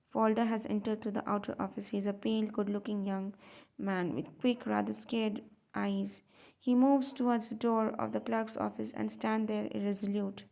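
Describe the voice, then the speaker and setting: A woman reads a stage play aloud for learners, voicing its stage directions. Her voice has a gravelly rasp at a middling pitch. She reads steadily with occasional slips. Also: level tone, normal speed, darkish tone. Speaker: audiobook reader.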